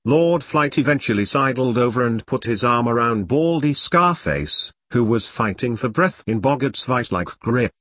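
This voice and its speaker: A man narrating a dark comic story in a steady audiobook reading. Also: mid-range voice, moderate pace, few pauses, no echo.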